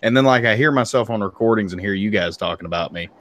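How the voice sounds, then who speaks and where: A man's voice: lowish voice, fast talker, a bit bright. A man from South Alabama with a light Southern accent, joking around and laughing on a casual podcast call. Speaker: podcast guest. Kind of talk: casual chat.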